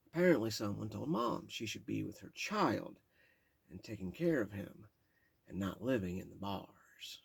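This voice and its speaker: A man's voice: lowish voice, normal speed, vocal fry, slightly rough, no room sound. A man reading his own memoir aloud in a candid, plain-spoken way, with casual asides. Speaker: memoir narrator.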